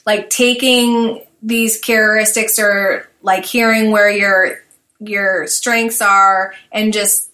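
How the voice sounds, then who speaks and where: Casting: woman podcast host, bright forward tone, casual and chatty. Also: mid-range voice, fairly even intonation, slow pace. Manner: casual, many "like" fillers, thinking aloud. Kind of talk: podcast conversation.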